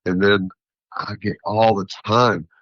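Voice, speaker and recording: Deep-voiced rambling man, dull lo-fi sound. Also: slow pace, no echo. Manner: rambling, philosophical, animated storytelling. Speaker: food entrepreneur guest. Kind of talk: interview conversation.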